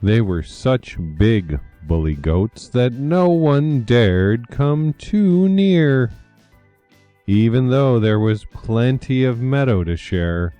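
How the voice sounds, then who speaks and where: A man reading a children's picture book aloud in a slow, expressive storytelling voice. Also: medium pitch, no room sound, muffled recording, faint music behind.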